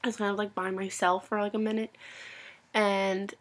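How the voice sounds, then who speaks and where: A young woman telling an excited story for her vlog, gushing and full of "like," sometimes dropping to a whisper. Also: medium pitch, normal speed. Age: young adult. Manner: gushing, breathless, constant "like" filler; swings between loud excitement and hushed whispers. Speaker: vlogger.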